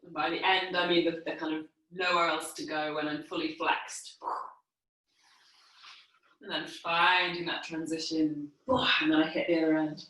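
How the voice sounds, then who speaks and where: A woman teaching a movement class, calmly cueing while she exercises on the floor, a little out of breath. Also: deep voice. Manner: calm, unhurried cueing while moving on the floor. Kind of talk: guided movement class instruction. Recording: echoey room, mic far off.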